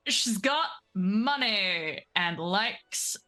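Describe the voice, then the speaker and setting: A woman's voice: mid-range voice, expressive, very slow, pushed and bright. A woman in her thirties, a player in a tabletop game, chatting in a frank and jokey, self-deprecating way. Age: 30s. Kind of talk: casual chat.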